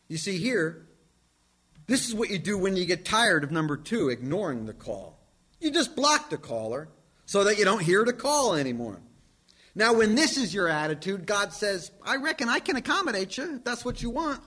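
A man preaching a sermon from the pulpit, emphatic, swinging from loud declarations to hushed asides. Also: on the high side. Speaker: pastor.

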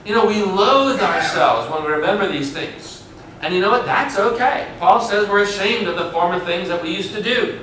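A man with a high voice preaches a sermon from some way off the mic. His voice rings through a very echoey hall, with faint noise underneath. He stretches key words out and swings between loud and soft. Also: expressive, normal speed. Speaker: pastor. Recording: echoey room, mic far away.

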